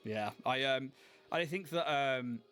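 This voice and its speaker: A man's voice: mid-range voice, slow pace, fairly bright tone, soft background music. A man co-hosting, chatting casually and rambling with enthusiasm while painting miniatures. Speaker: co-host.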